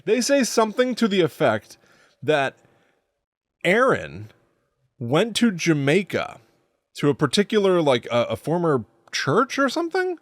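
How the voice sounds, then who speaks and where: A man's voice: a little high, huge pitch swings, unhurried, pauses often, dry recording, studio quality. A man co-hosting a podcast, recapping a show in a casual, wry way with playful jokes. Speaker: podcast co-host. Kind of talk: casual chat.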